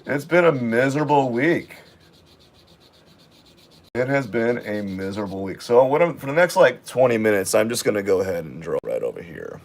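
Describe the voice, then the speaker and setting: A sick man with a raspy voice, chatting casually and rambling with many fillers as he sets up to draw in his art vlog. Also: mid-range voice, lively intonation, fairly quick, hardly any pauses. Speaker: art vlogger. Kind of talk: casual chat while drawing.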